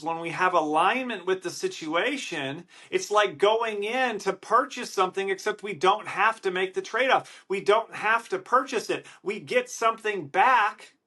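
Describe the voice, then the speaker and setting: Nasal, excitable Wisconsin man. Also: sits high. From Wisconsin, USA. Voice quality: nasal, slightly congested-sounding. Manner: loud, excited, emphatic delivery. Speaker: podcast host. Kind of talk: energetic motivational podcast monologue. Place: hotel room.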